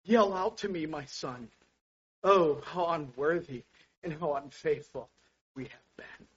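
A man preaching a sermon with passion, dropping to a hush and then rising to loud exclamations. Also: fairly high pitch, measured pace, husky. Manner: impassioned, swings from hushed to loud exclamations. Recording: dull lo-fi sound.

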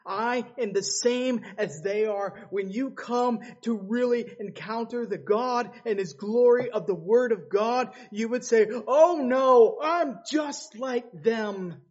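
A male preacher with a high voice delivers a sermon slowly and deliberately. He swings between loud, pleading cries and low, hushed passages. The recording sounds a little dull and lo-fi.

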